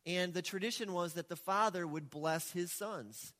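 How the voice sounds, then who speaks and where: Man, pastor, sermon, conversational storytelling, high voice, long hall echo. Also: normal speed, sharp tone. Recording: echoey hall with long reverb.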